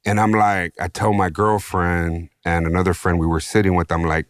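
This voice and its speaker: A man from San Diego, a podcast guest, telling his own story in an animated, slangy way with free swearing. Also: deep voice, moderate pace, few pauses, smooth, no room sound, clean studio sound. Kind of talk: casual storytelling.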